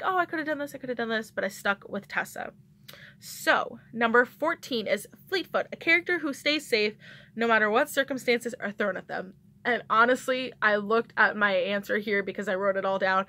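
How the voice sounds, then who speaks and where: A woman's voice: mid-range voice, sharp tone. Chatty young woman book vlogger. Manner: chatty and rambling, laughs often, corrects herself mid-sentence. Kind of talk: casual chat.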